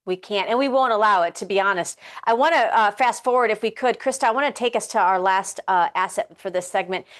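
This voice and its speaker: A woman hosting a casual political talk show, animated and sarcastic, firing off rhetorical questions. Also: medium pitch, quick pace.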